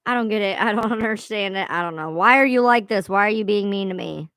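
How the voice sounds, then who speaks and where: A woman's voice: medium pitch, quick pace, fairly bright tone, clean tone, no echo, clean studio sound. A woman chatting casually on a live stream from home, swearing freely and laughing at herself. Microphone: own streaming mic sounding odd.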